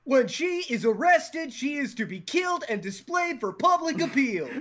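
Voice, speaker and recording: A man's voice: extremely high pitch, sing-song, normal speed, fairly bright tone, heavily acted. A man putting on a pompous villain emperor who makes grandiose, theatrical proclamations. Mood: proclaiming. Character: pompous male villain emperor seizing a school.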